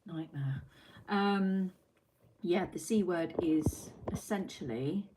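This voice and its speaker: Woman, livestream host, lower-pitched, chatty and casual, reads out chat, light background hiss. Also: slow. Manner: chatty, reads out viewer comments, swears casually. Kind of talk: casual live-stream chat.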